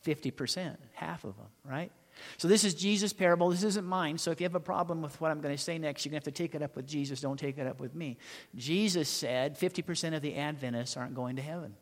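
Storytelling preacher in a reverberant hall. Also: male voice, a little high. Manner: storytelling preacher, rhetorical questions, dramatic pauses. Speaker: pastor. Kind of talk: sermon.

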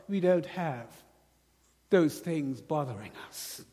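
A British man delivers a sermon in a high, unhurried voice, pausing to throw questions to his congregation and get responses. His words carry a long reverb, as if filling a church hall. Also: expressive. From Britain. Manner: call-and-response preaching, rhetorical questions to the congregation. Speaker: preacher.

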